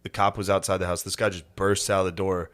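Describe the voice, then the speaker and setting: A man with a low voice trades stories on a podcast. His humor is dry and deadpan, dropped in quick asides. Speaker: podcast co-host. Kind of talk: casual podcast banter.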